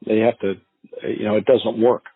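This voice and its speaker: A man who coaches real estate sales, telling stories and advice in a podcast interview, acting out calls in an animated way. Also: on the low side, fairly quick. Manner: animated storyteller, acts out phone calls. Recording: tinny phone-line sound.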